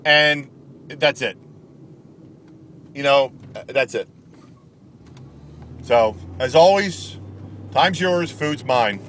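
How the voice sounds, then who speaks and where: A man's voice: mid-range voice, drawn-out words, pauses often, fairly bright tone, slight background noise. A man angrily ranting as a vlogger in sports commentary, emphatic and repetitive, recorded outdoors. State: angry. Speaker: video blogger.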